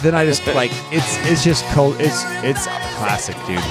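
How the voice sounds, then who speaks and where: A man's voice: mid-range voice, lively intonation, normal speed, over loud music. A man hosting a podcast in casual chat, laid-back and rambling, often repeating words. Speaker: podcast host.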